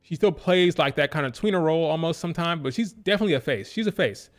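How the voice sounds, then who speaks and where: A man giving a casual live-stream review, animated and opinionated, who repeats his points for emphasis. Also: fairly high pitch, fast talker. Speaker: wrestling show reviewer.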